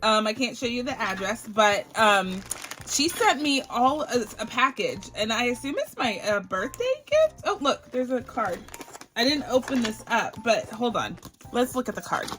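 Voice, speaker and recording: Bubbly, gushing woman with a high voice. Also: big pitch swings, normal speed, a bit bright, slight background noise. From Barbados. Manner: bubbly, effusive, gushing thanks. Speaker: budgeting channel host. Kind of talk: casual unboxing vlog.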